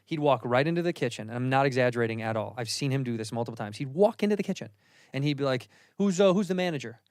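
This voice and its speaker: A man's voice: mid-range voice, expressive, racing, darkish tone, dry recording. A man, a comedian hosting a podcast, chatting casually in a loose, profane way and acting out the voices of people he describes. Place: podcast studio. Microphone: studio mic.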